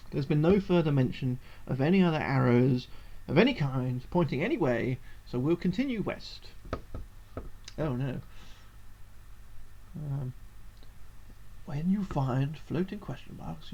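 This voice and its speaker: A man's voice: fairly high pitch, dull audio, slight background noise. A man streaming a game, thinking aloud and reading its text in a narrator's tone. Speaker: gaming streamer.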